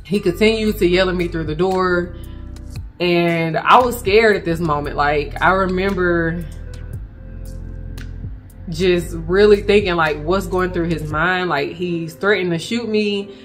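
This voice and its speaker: A woman recounting a frightening personal experience to her viewers, speaking in halting bursts and addressing them directly. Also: on the low side, faint music behind. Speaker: vlogger telling a personal story. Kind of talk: emotional personal storytelling.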